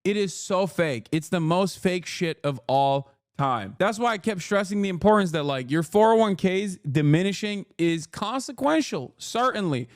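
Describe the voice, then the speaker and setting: A man's voice: high voice, lively intonation, moderate pace, hardly any pauses, no echo, clean studio sound. A man streaming political commentary, reacting to news clips in a profane, exasperated way and often mocking others in put-on voices.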